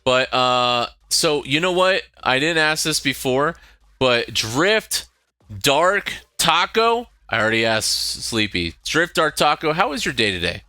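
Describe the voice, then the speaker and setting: A man's voice: medium pitch, big pitch swings, unhurried, bright, forceful tone, clean tone, dry recording, clean studio sound. A young man chatting casually on a live stream, rambling and laughing often.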